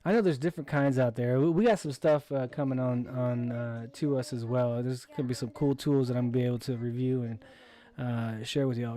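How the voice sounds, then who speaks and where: A man's voice: medium pitch, fairly quick, a little mellow. A man hosting a casual livestream, reading viewer comments aloud and answering them in an easygoing way. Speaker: livestream host.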